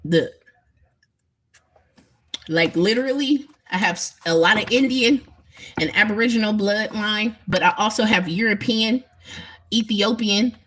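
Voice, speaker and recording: A woman's voice: medium pitch, measured pace, pauses often, fairly bright tone. A woman talking emphatically and bluntly to her viewers in a casual spiritual livestream, swearing freely. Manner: emphatic, profane, talks straight to viewers.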